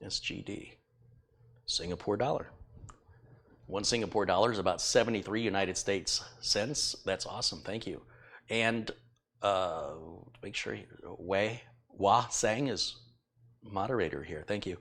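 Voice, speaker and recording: Middle-aged guy w a low voice, rambly live stream chat, laughs at himself a lot. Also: unhurried, a bit bright. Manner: rambling, self-deprecating, chuckles often. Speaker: tech YouTuber reading donations.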